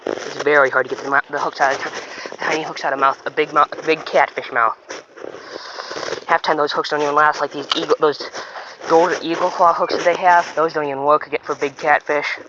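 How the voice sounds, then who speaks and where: A man with a somewhat high voice talks casually while fishing at a pond, rambling, stopping and restarting his sentences. The outdoor recording sounds dull and lo-fi, with steady noise clearly audible behind him. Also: brisk. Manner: rambling and chatty, with frequent stops and restarts. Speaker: fishing vlogger.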